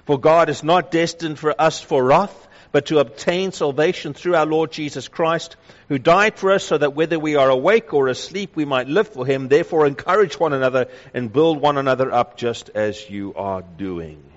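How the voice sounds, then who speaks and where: A man preaching a sermon, reading scripture aloud and slowing down to stress key phrases with emphasis. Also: a little high. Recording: dull lo-fi sound with long hall reverb.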